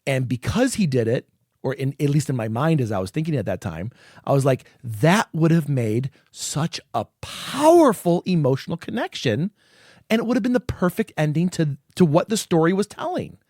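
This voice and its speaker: Animated, swearing male podcast co-host. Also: a little high, moderate pace, dry recording, studio quality. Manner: animated, swears freely, acts out quoted reactions. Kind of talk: casual chat.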